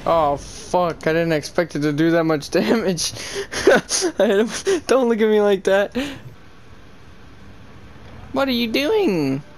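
A man with a Southern American accent doing crude, joking gameplay commentary, laughing often and breaking into loud excited shouts. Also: high-pitched, slow pace, a little hiss or hum. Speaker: gaming streamer.

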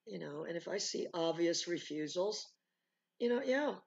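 A woman's voice: lowish voice, lively intonation, normal speed, gravelly, darkish tone, highs cut off. A woman dog trainer talking through e-collar training in a rambling, casual way, full of fillers and asides. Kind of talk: casual teaching talk. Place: home with dogs nearby.

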